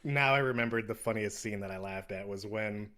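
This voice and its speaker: A man co-hosting a podcast, chatting in a relaxed, rambling way about a film and laughing as he retells scenes. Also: on the low side, a little fast. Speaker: podcast co-host. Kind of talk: casual film review chat.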